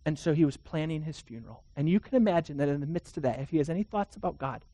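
A pastor preaching a sermon, swinging between loud urgent passages and hushed soft ones and asking the audience rhetorical questions. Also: medium pitch, lively intonation, quick pace, few pauses.

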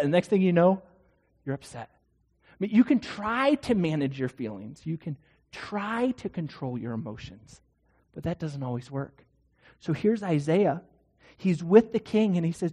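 A man's voice: on the high side, animated, moderate pace, dark tone. A male pastor preaching a sermon in a conversational way, often asking the congregation rhetorical questions. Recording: long hall reverb.

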